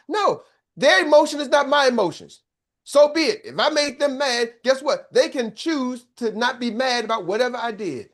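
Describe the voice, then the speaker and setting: A man's voice: extremely high pitch, animated, normal speed, a bit bright. An older man giving a motivational business coaching talk, emphatic and preacher-like, often checking in with his listeners.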